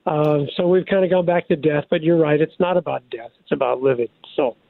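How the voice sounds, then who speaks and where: An older man, a pastor and radio guest, talking through scripture in an animated, preacherly way with many restarts, over a phone line. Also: on the high side, a little fast, gravelly, dry recording. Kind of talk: devotional radio talk.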